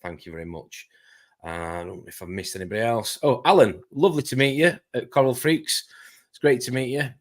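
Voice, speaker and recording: A man hosting a casual live stream, chatting quickly and greeting viewers by name. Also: medium pitch. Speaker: host.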